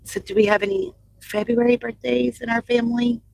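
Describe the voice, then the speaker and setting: A woman's voice: on the high side, little pitch movement, brisk, creaky, darkish tone, a little hiss or hum, low-quality recording. An older woman from Southern Indiana chatting casually with viewers from her car, thinking aloud with fillers. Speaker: vlogger reading live chat. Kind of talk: casual chat. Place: car on delivery route. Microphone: phone or dash mic in car.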